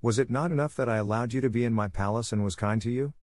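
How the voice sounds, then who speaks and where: A man reading the part of a frightful, angry male beast in a storybook audiobook, with stern, measured delivery. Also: mid-range voice, a little mellow, no room sound, studio quality, lightly acted. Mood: furious.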